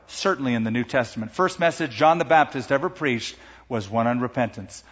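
Husky man preaching in a reverberant church. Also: mid-range voice, a bit bright. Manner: emphatic, slows and lifts his voice on key words. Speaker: pastor. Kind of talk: sermon. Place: large church sanctuary. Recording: dull sound with long hall reverb.

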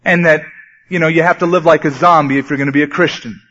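A man delivers a sermon from the pulpit, speaking in a somewhat high voice. He talks conversationally and grows animated at times. The recording sounds dull and lo-fi. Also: quick pace. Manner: conversational preaching, sometimes animated. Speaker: pastor.

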